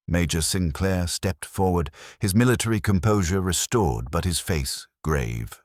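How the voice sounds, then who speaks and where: A man's voice: deep voice, expressive, normal speed, hardly any pauses, a little mellow, no echo, clean studio sound. A man narrating a mystery story in a dramatic storytelling manner.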